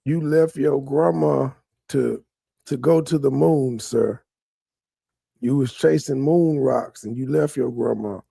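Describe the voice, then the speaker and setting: A man's voice: medium pitch, slow pace, creaky, warm tone, husky, no room sound. A man commenting sarcastically over someone else's stream, mocking the story. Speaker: livestream commentator.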